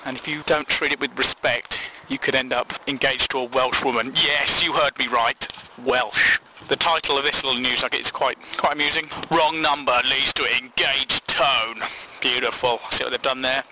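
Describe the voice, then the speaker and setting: A man's voice: mid-range voice, fairly even intonation, brisk, hardly any pauses, background noise. A man hosting a comedy podcast, riffing sarcastically and incredulously on an odd news story. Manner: sarcastic, incredulous, swearing asides.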